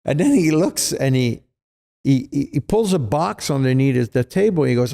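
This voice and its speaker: A middle-aged man with a French-Canadian accent spins casual stories, his voice gravelly and warm. He acts out the people he quotes, and fillers fill his talk. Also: medium pitch, expressive, normal speed. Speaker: guest, retired hockey player. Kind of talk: casual storytelling.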